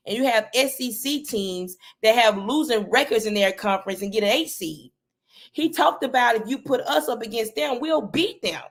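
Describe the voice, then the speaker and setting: A woman coach speaks as a guest over a video call, earnest and passionate. She drives her points home by repeating them, in a gravelly voice at a middling pitch. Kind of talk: casual interview talk.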